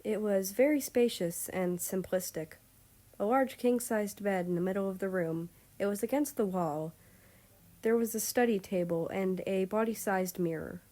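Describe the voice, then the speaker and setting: A woman reading a fan story aloud in calm, measured narration. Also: medium pitch. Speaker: story reader.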